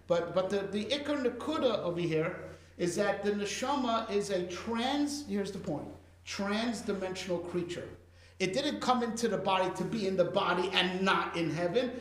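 A man's voice: high-pitched, expressive, moderate pace, roomy sound. A man teaching a casual Torah class, talking conversationally with Hebrew and Yiddish terms and frequent "right?" checks.

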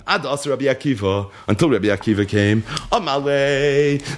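A man's voice: mid-range voice, moderate pace, hardly any pauses, a little hiss or hum. A man teaching a Torah class as a story, reading Aramaic lines aloud and translating each one, with rhetorical questions to his listeners. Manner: animated, reads Aramaic then translates line by line.

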